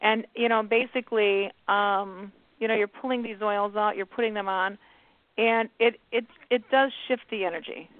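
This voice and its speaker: A woman's voice: medium pitch, fairly even intonation, normal speed, no echo. Woman host, chatty and conversational, tinny phone sound, dry. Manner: chatty, conversational, many fillers. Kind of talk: casual talk radio chat. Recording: thin phone line, dry.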